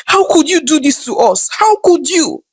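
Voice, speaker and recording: A woman's voice: sits high, big pitch swings, moderate pace, no room sound, pitched above the performer's own voice. A woman voicing a jealous young man who wails accusingly. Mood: wailing. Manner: wailing, accusing.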